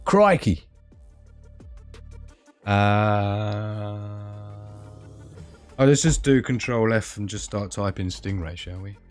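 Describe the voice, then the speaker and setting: A livestream host with a fairly low, slightly mellow voice talks at a normal speed with hardly any pauses over soft background music. He chats casually and rambles, often losing his thread mid-sentence.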